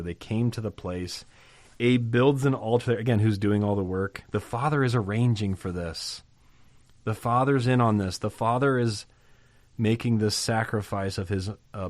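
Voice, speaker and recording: Male Bible teacher, lowish voice, conversational scripture commentary, dry studio sound. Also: a little mellow, dry recording.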